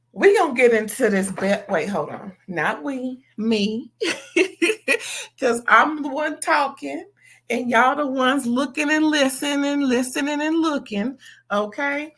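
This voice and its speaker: A woman's voice: a little high, fairly bright tone. A woman from California putting on a Southern accent, giving chatty, sassy reality TV commentary to her viewers. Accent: Southern US, put on. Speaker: reality TV reviewer. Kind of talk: casual commentary vlog.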